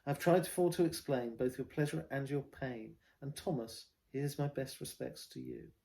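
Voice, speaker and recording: Man doing a put-on London working-class accent, rough soldier, gravelly, loud declaiming ballad verse. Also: medium pitch, sing-song, normal speed. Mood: earnest. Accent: put-on vaguely London working-class.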